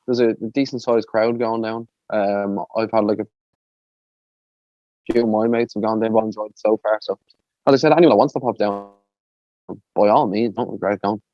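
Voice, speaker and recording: A man's voice: on the low side, steady tone, moderate pace, pauses often, mellow, no room sound, dull audio. A man with an Irish accent, co-hosting a podcast in laid-back casual chat, saying "like" a lot. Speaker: podcast co-host.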